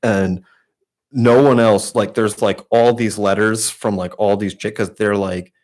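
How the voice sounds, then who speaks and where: A young man co-hosting a podcast tells a long story in casual chat, his voice fairly low, a little slow and a little mellow with fairly even intonation. He rambles, swears heavily, restarts often and leans constantly on "like."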